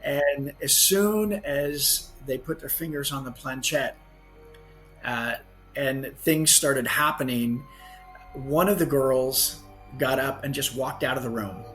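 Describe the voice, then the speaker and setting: A man's voice: medium pitch, takes it slowly, a bit bright, soft background music. A man, a guest author on a podcast, telling a story earnestly and often correcting himself mid-sentence. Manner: earnest anecdote telling with frequent self-corrections.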